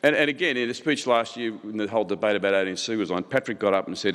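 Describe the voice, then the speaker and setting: Middle-aged guy giving a keynote, fairly low voice, heated and repetitive, big hall echo. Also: fast, few pauses, a bit bright. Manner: impassioned, rhetorical repetition. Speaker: keynote speaker. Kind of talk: conference keynote speech. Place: large conference hall. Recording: hall reverb.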